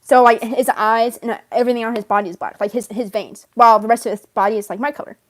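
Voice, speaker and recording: A woman tells a long, rambling story while staying in character. Her voice sits a little high, and she leans on "like" constantly. She laughs often as she goes. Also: fairly even intonation, fast. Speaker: fan role-player in character.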